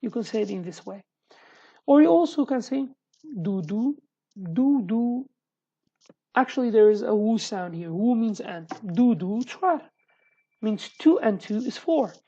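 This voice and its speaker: A woman with a Sulaymaniyah Kurdish accent, a native Kurdish speaker, teaching an online language lesson in English with many restarts and slow repeated examples. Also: fairly high pitch, expressive, mellow, slightly rough, highs cut off.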